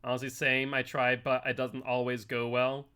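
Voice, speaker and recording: A man's voice: medium pitch, monotone, moderate pace, sharp tone, clean tone. A man streaming a horror game live, chatting casually with viewers and commenting on his play in a playful, teasing way. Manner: chatty, reads chat aloud, playful teasing.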